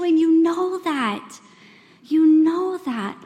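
A woman in her forties preaching at a women's church gathering, earnest and conversational, acting out quoted voices with big swings in pitch. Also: a little slow, warm tone. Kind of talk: sermon. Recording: long hall reverb.

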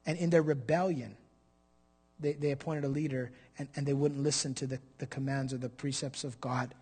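A man's voice: mid-range voice, steady tone, a little fast, a little mellow, husky. A middle-aged man preaching a sermon as pastor, explaining scripture and building to emphatic peaks.

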